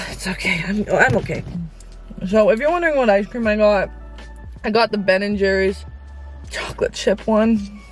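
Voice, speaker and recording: A woman's voice: mid-range voice, normal speed, pauses often, faint music behind. A young woman in her late teens vlogging from inside her car, rambling candidly as she vents to her viewers. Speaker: Christian influencer vlogger. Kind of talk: casual confessional vlog. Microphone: on-camera mic.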